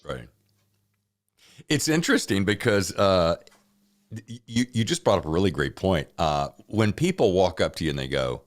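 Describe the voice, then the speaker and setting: A man's voice: deep voice, moderate pace. An American man hosting a podcast interview, chatting casually and with enthusiasm. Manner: enthusiastic, lively, jokey. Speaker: podcast host.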